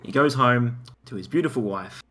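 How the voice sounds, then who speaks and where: A man telling an improvised comic story as a podcast co-host, narrating scene by scene. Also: normal speed. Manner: animated, narrating a silly pitch.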